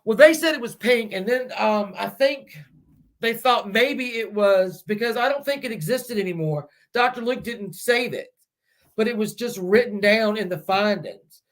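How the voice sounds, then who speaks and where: A man with a high-pitched voice tells a true-crime story in a loose, chatty style. He keeps stopping to rethink a point and fills the gaps with ums. He puts his theories to the viewers as questions. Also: normal speed, fairly bright tone. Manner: rambling and hesitant, many restarts and fillers; speculates aloud, addressing viewers directly. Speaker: true-crime channel host.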